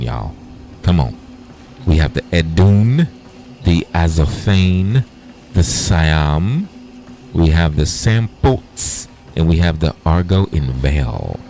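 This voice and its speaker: Very deep gravelly man, profane and playful. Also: warm tone. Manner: profane, playful, chats to viewers. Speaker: gaming streamer. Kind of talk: casual livestream gameplay chat.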